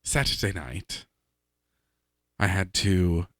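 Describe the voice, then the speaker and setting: A man with a fairly low voice, co-hosting a casual podcast and telling anecdotes with plenty of energy. He laughs often while he talks. The recording is dry and close. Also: slow pace, fairly bright tone, no echo. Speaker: podcast co-host. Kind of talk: casual chat, storytelling.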